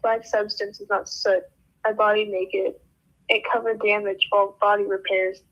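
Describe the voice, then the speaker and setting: A woman's voice: mid-range voice, flat delivery, moderate pace, a bit bright, highs cut off, lightly acted. A woman voicing a small, earnest male alien engineer who speaks clipped, broken English and tags questions with the word "question".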